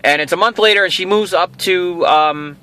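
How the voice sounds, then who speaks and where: A man's voice: sits high, normal speed, clear, resonant tone. A middle-aged man hosting a casual video, rambling through a personal story and acting out what each person said. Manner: rambling, animated, acts out quoted dialogue. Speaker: toy show host.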